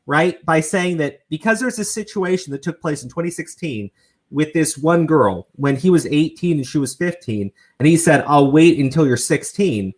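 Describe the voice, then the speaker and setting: Brief: male stream host, lively pitch swings, rambling, swears freely. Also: moderate pace. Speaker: show host. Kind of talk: casual commentary stream.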